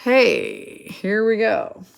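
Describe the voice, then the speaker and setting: A woman's voice: mid-range voice, huge pitch swings, very slow, gravelly. A woman hosting a live card break, rattling off names and teams in a chatty way and laughing at her own slips.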